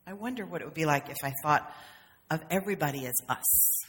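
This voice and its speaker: A woman minister delivers a conversational, humorous sermon in a church sanctuary, adding playful acted asides. Her voice is low-pitched and expressive, she talks fast, and the sanctuary's long reverb carries through.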